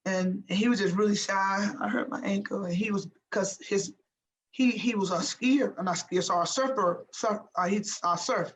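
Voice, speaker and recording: A woman's voice: mid-range voice, moderate pace, poor audio. Emphatic former athlete, a woman. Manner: emphatic and animated, repeats "I said" and "I'm telling you". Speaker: former pro basketball player, guest. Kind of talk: motivational storytelling in an interview.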